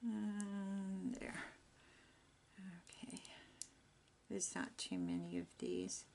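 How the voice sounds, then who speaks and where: A woman's voice: mid-range voice, very animated, slow, gravelly, warm tone, slight background noise. An older woman chatting in a rambling, homey way while she works on a craft project. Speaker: craft vlogger.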